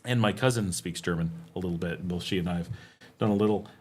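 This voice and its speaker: A man's voice: sits low, quick pace, a little mellow. A middle-aged man hosting a casual livestream Q&A, reading viewer questions aloud and answering them with frequent ums. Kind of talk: casual live Q&A chat.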